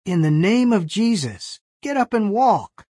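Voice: medium pitch, lively intonation, unhurried, warm tone, slightly rough, no echo, studio quality, voice pushed up. The narrator voicing Peter, a bold male apostle, speaking firmly in a storybook reading.

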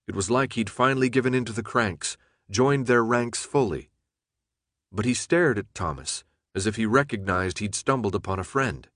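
A man reads an audiobook chapter in a steady, measured way. His voice sits in a middle register. The sound is dry and close, with no room around it. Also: medium pitch, no room sound. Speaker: audiobook narrator. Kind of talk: scripted narration.

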